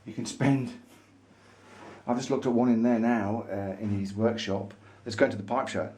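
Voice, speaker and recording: A man's voice: mid-range voice, normal speed, dark tone. Chatty enthusiastic man in a shop. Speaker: vlogger. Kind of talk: casual showroom chat to camera. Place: pipe maker's showroom, indoors.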